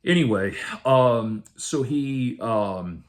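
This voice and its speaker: A man casually telling a personal story in a halting way, often restarting and correcting himself. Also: mid-range voice, animated.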